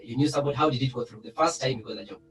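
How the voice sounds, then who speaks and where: A man's voice: mid-range voice, racing. Male moderator, probing and filler-heavy, echoey distant call with faint music. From East Africa. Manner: probing, repeats words, many fillers. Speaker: panel moderator. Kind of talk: online panel discussion. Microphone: video call.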